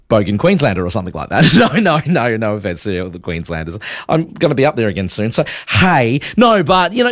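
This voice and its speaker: Brief: Adelaide Australian male radio host, jokey monologue, highish voice that swings up and down, close dry studio mic. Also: no room sound. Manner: jokey, self-mocking. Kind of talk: late-night radio monologue.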